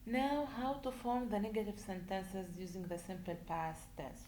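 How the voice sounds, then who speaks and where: A woman teaching a grammar lesson, speaking slowly and deliberately, repeating points and asking rhetorical questions. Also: medium pitch, animated, a little mellow. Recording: echoey room with faint noise.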